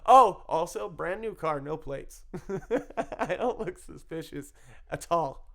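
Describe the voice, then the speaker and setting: Man, somewhat high voice with a gravelly edge, casual storyteller, self-mocking, laughs a lot, swears freely. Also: expressive, takes it slowly, pushed and bright. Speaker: storyteller recounting his addiction.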